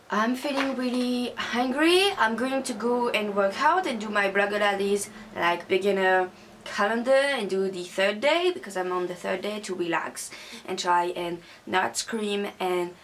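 A woman's voice: medium pitch, fairly bright tone, slight background noise. A young woman, not a native English speaker, angrily ranting in a casual beauty vlog, recorded at home on a camera mic. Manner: angry, swearing rant. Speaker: beauty vlogger.

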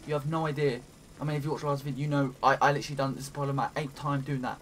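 A man giving let's play commentary while he plays, talking to himself, swearing often and breaking into excited cries. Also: mid-range voice, rapid-fire. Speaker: gaming commentator.

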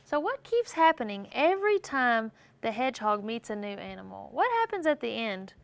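A woman reads a picture book to young children, pausing often to ask them questions and answer for them. Her voice sits fairly high and animated. The sound is close and dry, with no room around it. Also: creaky, no echo. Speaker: teacher reading a picture book aloud. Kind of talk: storybook read-aloud lesson with questions to children.

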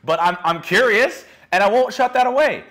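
Young man, somewhat high voice, dating coach, group lecture, blunt and animated, casual fillers. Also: normal speed. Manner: frank, animated storytelling, acting out quotes, many "like"s. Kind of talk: candid lecture to a small group.

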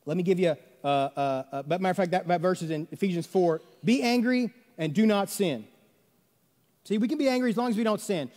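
A man preaches to his congregation, his voice sitting high for a man and often climbing higher when he presses a point. He keeps asking the room questions and slips into the voices of people who make excuses. His words ring out with a long reverb through the church sanctuary. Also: a little fast, darkish tone. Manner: conversational preaching with rhetorical questions and quoted voices. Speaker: pastor. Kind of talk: sermon.

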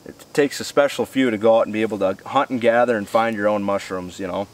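A man's voice: on the low side, fast. A man hosting an outdoor cooking vlog, chatty and enthusiastic in a folksy way. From US Midwest. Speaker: outdoor show host. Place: outdoors near woods. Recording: distant outdoor mic, faint noise.

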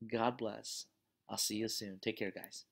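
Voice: mid-range voice, fairly even intonation, measured pace, gravelly, a little hiss or hum. A course instructor wrapping up a class with a chatty story, talking in a conversational, earnest and encouraging way with plenty of fillers. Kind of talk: closing lecture with a story.

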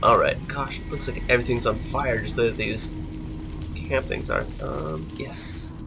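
A man hosting a let's play in casual, joking commentary, with a raspy voice from a sinus cold. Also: medium pitch, lively intonation, moderate pace, heavy background noise. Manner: joking, chatty. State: congested from a sinus illness. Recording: voice over game music.

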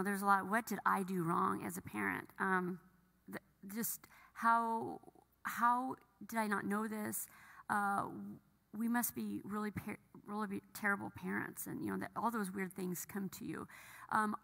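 A middle-aged woman gives an emotional personal testimony, halting and full of restarts. Her voice is bright with a gravelly edge. It rings out with the long reverb of a church hall. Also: medium pitch. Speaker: bereaved mother sharing testimony. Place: church sanctuary.

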